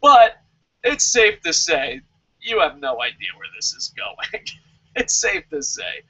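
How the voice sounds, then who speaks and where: A man casually reviewing a wrestling show, sarcastic and animated, swearing freely. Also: high voice, takes it slowly, vocal fry, slightly rough, rough recording. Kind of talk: casual profane review rant.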